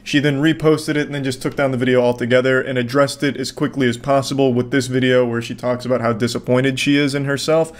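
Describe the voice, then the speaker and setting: A man hosting a commentary video, speaking in a deadpan, mocking way and swearing freely. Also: medium pitch, quick pace, hardly any pauses. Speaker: commentary host.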